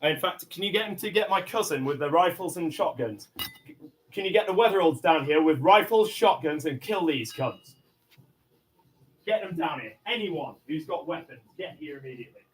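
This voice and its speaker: Man, fairly high pitched, aggressive and foul-mouthed, mutters then shouts demands. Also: lively intonation, moderate pace, a little hiss or hum. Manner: swings between low muttering and angry shouting. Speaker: livestreamer in a police standoff. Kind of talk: livestreamed confrontation. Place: inside a house.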